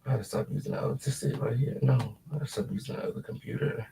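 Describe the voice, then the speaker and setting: A man hosting a casual live commentary stream at home, sassy and full of repeated drawn-out catchphrases. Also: medium pitch, gravelly, noisy background. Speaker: livestream host.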